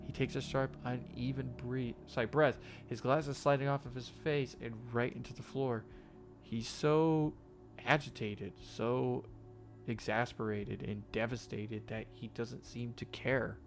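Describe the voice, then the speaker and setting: A man reading a game's story text aloud, slow and halting, with faint game music behind him. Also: medium pitch, steady tone. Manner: shouts profanity at a game character; reads narration quietly and haltingly. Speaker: gamer reading a visual novel aloud.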